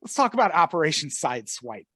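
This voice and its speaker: A man's voice: on the high side, very animated, fast, bright, forceful tone, husky, dry recording, studio quality. A man co-hosting a comedy podcast, retelling odd news stories in a casual, laughing way. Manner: storytelling, laughs often. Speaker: podcast co-host.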